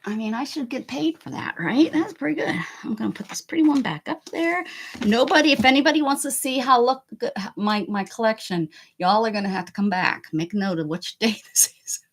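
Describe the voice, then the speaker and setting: A woman hosting a casual art livestream from home, chatty and self-mocking, laughing often and muttering softly to herself as she works. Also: on the high side, fairly quick. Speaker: art channel host.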